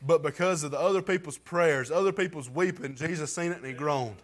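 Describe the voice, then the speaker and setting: A man's voice: fairly high pitch, fairly quick. A man reading scripture aloud and giving an earnest, heartfelt testimony in plain everyday grammar. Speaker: church member giving testimony.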